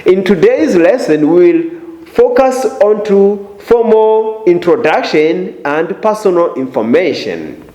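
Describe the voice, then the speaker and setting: A man teaching an English lesson slowly and deliberately, with an exaggerated rise and fall on example phrases. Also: high-pitched, animated, warm tone, lo-fi sound. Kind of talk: slow, deliberate language lesson. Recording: roomy echo.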